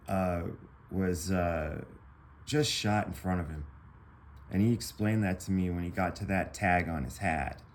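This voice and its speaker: A man's voice: deep voice, slight background noise. A man casually telling a personal story to camera, rambling and profane, with many fillers and restarts.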